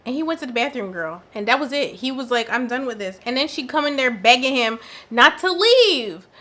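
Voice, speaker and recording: A woman giving casual, opinionated commentary on a reality dating show, talking in an animated, slangy way. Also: high-pitched, a little fast. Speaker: reaction commentator.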